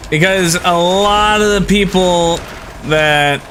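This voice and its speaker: A young man with a bright, forceful voice talks casually to his viewers as he plays. He rambles along in a friendly, easygoing way, reacting to the game and to chat. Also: sits high, slow, a little hiss or hum. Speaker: game streamer. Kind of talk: casual live-stream chat while gaming.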